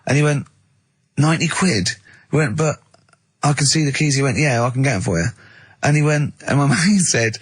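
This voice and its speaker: A man co-hosting a radio show, telling lively anecdotes in casual banter and mimicking the people he quotes. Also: medium pitch, fairly quick, husky, no room sound. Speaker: radio co-host. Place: radio studio.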